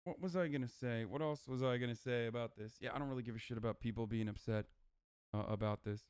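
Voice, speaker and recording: A man's voice: mid-range voice, fairly even intonation, quick pace, darkish tone, clear, resonant tone, no room sound. A man livestreaming casual reaction commentary, talking in a profane, ranting, argumentative way on a close microphone.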